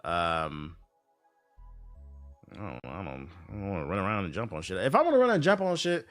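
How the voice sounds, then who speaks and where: A man's voice: deep voice, very animated, moderate pace, fairly bright tone, dry recording, faint music behind. A man streaming live, reacting to gaming news and casually chatting with viewers in a laid-back, profane way.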